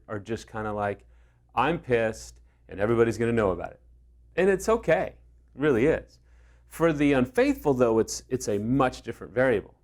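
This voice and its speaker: A man coaching on affair recovery, talking earnestly and telling stories with acted-out dialogue. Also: medium pitch. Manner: earnest, storytelling, acts out quoted dialogue. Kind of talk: direct-to-camera advice talk.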